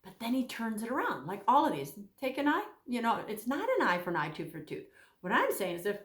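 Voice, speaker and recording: A woman giving a casual Bible teaching talk, animated, acting out the voices she quotes. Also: a little high, fairly quick, reverberant.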